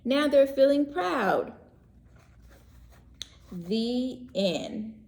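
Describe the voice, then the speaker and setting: A woman teacher reading a picture book aloud to young children, gentle and expressive, pausing to ask questions and explain words. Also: high voice, gravelly. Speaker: pre-K teacher. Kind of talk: read-aloud story lesson for young children. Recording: echoey room.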